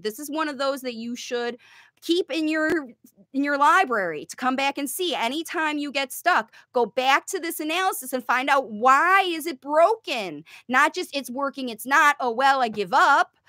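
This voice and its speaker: A woman's voice: high voice, bright, forceful tone, no room sound, clean studio sound. A woman coaching parents on how to help their child learn to talk, teaching emphatically and answering viewer questions. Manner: emphatic, demonstrates sing-song parent talk. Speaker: parent coach, speech facilitation.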